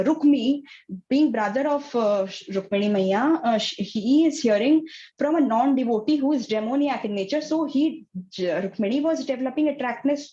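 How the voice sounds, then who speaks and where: A woman telling a story to an online kids class, halting and full of fillers. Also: on the high side, darkish tone, dull audio. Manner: halting, many fillers and restarts. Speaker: teacher.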